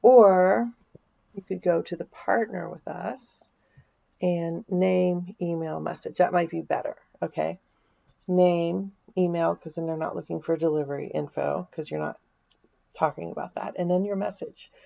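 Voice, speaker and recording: Gravelly-voiced woman thinking aloud. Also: on the low side, steady tone, unhurried, warm tone, muffled recording. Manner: chatty, thinking aloud, dry asides. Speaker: vlogger. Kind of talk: casual screen-share walkthrough.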